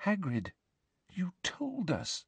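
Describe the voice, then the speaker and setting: A man voicing an anxious, clever teenage girl witch who turns shrill and tearful, in an audiobook. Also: big pitch swings, measured pace, no room sound, full character voice. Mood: frightened, pleading. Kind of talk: audiobook character voice.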